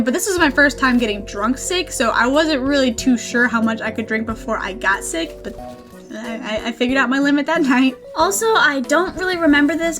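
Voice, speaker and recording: A young woman in her twenties tells a personal story to her vlog viewers in a chatty, self-deprecating way, laughing often. Her voice sits a little high. Faint music plays behind her. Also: fairly bright tone. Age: 20s. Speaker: gaming channel host.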